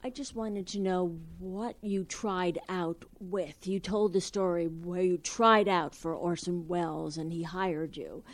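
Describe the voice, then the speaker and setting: A woman from the audience asking a question in a soft, hesitant way. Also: lowish voice, steady tone, measured pace, hardly any pauses. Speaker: audience member.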